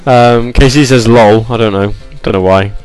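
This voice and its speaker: A man's voice: medium pitch, normal speed, clear, resonant tone, poor audio. A man hosting a gaming and music stream, chatting casually and rambling with fillers and asides. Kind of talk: casual chat.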